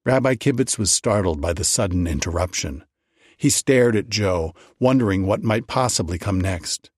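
A man narrating a storybook tale in an unhurried, expressive reading. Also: low voice, no echo, studio quality.

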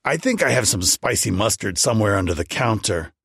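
A man's voice: fairly low pitch, lively intonation, fairly quick, vocal fry, a bit bright, breathy edge, dry recording, studio quality, full character voice. A man voicing a chatty male baker who is eager to please.

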